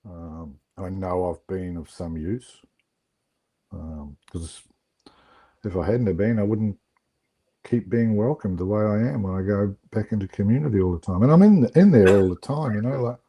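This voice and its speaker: A middle-aged man, telling stories in a relaxed, reflective way on a video call. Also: lowish voice, moderate pace, slightly rough. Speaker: guest. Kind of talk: casual storytelling on an online call.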